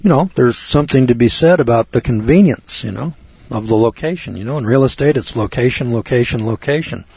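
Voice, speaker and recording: A man's voice: medium pitch, brisk, vocal fry, a little mellow, breathy edge, dry recording, lo-fi sound. A man telling a folksy anecdote to an audience in a conversational way, repeating phrases for emphasis. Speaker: storyteller addressing an audience.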